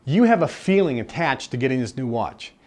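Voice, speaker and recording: A man's voice: medium pitch, sing-song, brisk, a little mellow. Earnest man teaching a live seminar. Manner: earnest, repeats key phrases for emphasis. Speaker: seminar speaker. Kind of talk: live self-help seminar talk. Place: seminar room with a live audience.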